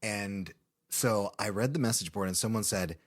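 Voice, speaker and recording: A man from Illinois in his thirties tells stories from his acting career in a relaxed podcast chat. His voice sits a little low, and he laughs often as he tells his anecdotes. He speaks in a loose, animated storytelling way. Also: normal speed. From Illinois, USA. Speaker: guest actor. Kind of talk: casual interview storytelling. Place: podcast studio.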